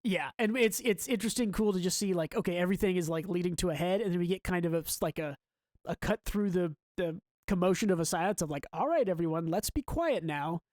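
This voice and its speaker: An excited podcast co-host chatting about a manga volume, reading out bits of dialogue as they go. the voice sits in a middle register, and the recording is dry and close, with hardly any room sound. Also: medium pitch, quick pace, no echo. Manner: enthusiastic, reads out manga dialogue between comments. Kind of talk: casual manga book-club discussion.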